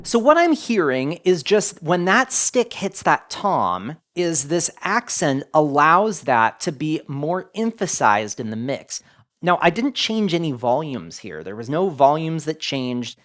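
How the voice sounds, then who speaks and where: Lively man explaining mixer settings. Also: on the high side, measured pace. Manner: lively, relaxed explaining with many "go ahead" phrases. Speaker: audio tutorial host. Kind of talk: casual screen tutorial.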